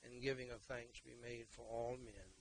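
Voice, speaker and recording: Man, preacher, gravelly and mid-pitched, preaches in loud bursts and quiet stretches. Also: steady tone, normal speed, a little hiss or hum, rough recording. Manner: emphatic, repeats words, swings between loud exhortation and quiet talk. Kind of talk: sermon and prayer.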